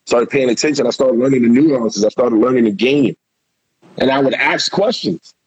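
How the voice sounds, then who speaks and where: Man, ex-football player, candid, profane, loose storytelling, husky, dull lo-fi sound, dry. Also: medium pitch, normal speed, no room sound. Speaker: former pro football player, guest. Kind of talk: casual storytelling interview.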